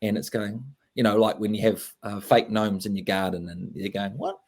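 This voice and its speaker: A man's voice: fairly low pitch, fairly even intonation, moderate pace. A man with an English accent, a guest author chatting casually in an interview, rambling with many fillers and restarts. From England.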